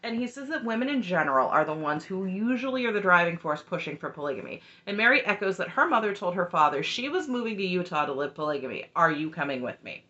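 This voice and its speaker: A woman's voice: medium pitch, sing-song, fast talker, hardly any pauses, pushed and bright, muffled recording. A woman casually recapping a reality show, chatty and opinionated, often tossing in "just saying.". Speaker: recap vlogger.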